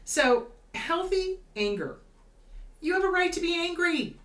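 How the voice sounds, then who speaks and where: A woman therapist talks through her advice with lively, swooping pitch and emphatic stresses. Her voice sits a little back from the mic in a roomy, echoing space, and she slips into quick acted-out voices as she explains. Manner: animated, emphatic, acts out quoted voices. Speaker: therapist host. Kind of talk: casual advice talk. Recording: roomy echo, slightly distant from mic.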